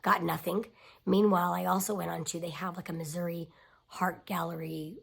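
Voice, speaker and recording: A woman's voice: fairly low pitch, little pitch movement, moderate pace, gravelly, breathy edge. A woman in her thirties telling a personal family story in a confiding way, often dropping to a near-whisper.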